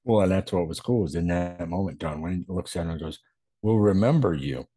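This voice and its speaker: A man co-hosting a podcast, chiming in with short agreements and quick memories of film scenes. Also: low-pitched, steady tone, warm tone, breathy edge. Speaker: podcast co-host. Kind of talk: casual movie-discussion chat.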